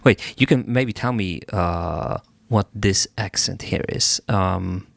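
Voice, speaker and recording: Slow, low-voiced man giving music feedback. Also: vocal fry, dry recording. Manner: unhurried, thinking aloud while listening. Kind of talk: casual livestream feedback.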